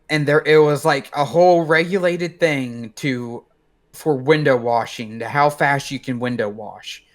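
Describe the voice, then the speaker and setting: A man co-hosting a podcast, chiming in with quick jokes and telling a short story. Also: fairly high pitch. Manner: joking, chimes in with quips. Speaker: podcast co-host. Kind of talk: casual podcast chat.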